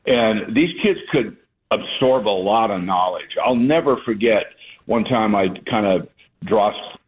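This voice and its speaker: An older man, a retired basketball coach, telling folksy stories as a guest on a radio sports show, with an easy chuckle. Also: fairly low pitch. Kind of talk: radio interview storytelling. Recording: phone-line call-in audio.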